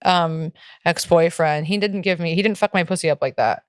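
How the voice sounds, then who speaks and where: Young woman podcast co-host, low-ish smooth voice, dry close mic, candid and profane. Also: normal speed, dry recording. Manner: candid, profane, heavy use of "like". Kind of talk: casual chat.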